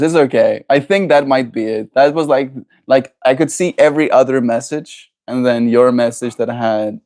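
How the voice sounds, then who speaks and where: A man's voice: mid-range voice, fairly even intonation, measured pace, a little mellow. A man from South Africa whose first language is Afrikaans, with an Afrikaans accent, chatting casually on a livestream. He reads viewers' messages aloud and answers them in a playful, talkative way, laughing often. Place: at home.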